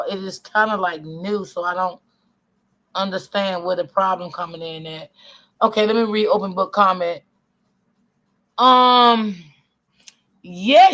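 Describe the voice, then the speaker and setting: A middle-aged woman hosts a live stream, reading the chat aloud and responding bluntly with plenty of cursing. She's outspoken and profane and addresses the chat as y'all. Her voice is medium-pitched with a sharp tone.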